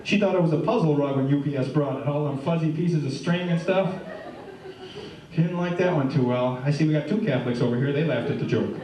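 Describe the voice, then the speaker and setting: A man's voice: fairly high pitch, a little fast. A middle-aged man doing stand-up comedy, telling jokes in a chatty way and asking the crowd questions, live on stage. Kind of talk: stand-up routine with audience banter. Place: live stage before an audience. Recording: echoey room, heard from far off.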